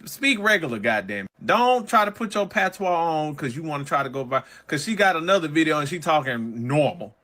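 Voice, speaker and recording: A man's voice: on the high side, big pitch swings, brisk, few pauses, pushed and bright. A man co-hosting a podcast, giving profane, sarcastic commentary with lots of energy. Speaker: podcast co-host.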